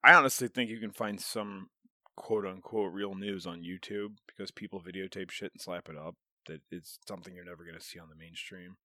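A man's voice: sits low, fairly quick, no echo, studio quality. A man in casual podcast chat, telling stories with lots of swearing and laughter. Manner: animated storyteller, swears a lot, laughs often.

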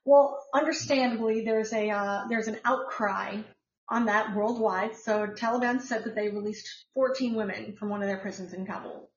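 A woman's voice: medium pitch, steady tone, normal speed, echoey room, muffled recording. An American woman hosting a casual podcast, chatting about the news in a rambling way with many filler words. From United States. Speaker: podcast host.

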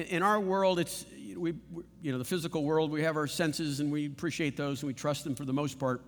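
A pastor with a slightly high voice preaches in an animated, conversational style, firing rhetorical questions at his listeners, with a long reverb from a large sanctuary.

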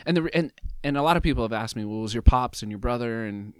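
A man in his fifties, a podcast guest, telling a personal story in conversation, animated, often adding "like" and "right?". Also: medium pitch, fast, clear, resonant tone, dry recording, studio quality. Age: 50s. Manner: animated, acts out other people's lines in raised voices; peppers his talk with "like" and "right?".

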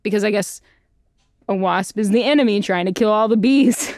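A woman's voice: medium pitch, normal speed, darkish tone, dry recording, studio quality. A young woman voice actor chatting as an interview guest, bubbly and self-deprecating, laughing often. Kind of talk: casual interview chat.

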